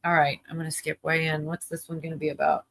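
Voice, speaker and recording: A woman's voice: sits low, flat delivery, quick pace, creaky. A woman hosting a livestream, chatting casually and rambling with lots of fillers while she reacts to a video. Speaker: livestream host.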